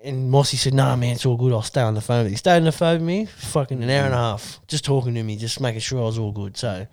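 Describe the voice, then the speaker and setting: A man's voice: medium pitch, fast, a little mellow. Blunt sweary Australian man. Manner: blunt, sweary, earnest storytelling. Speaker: podcast co-host. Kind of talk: casual chat.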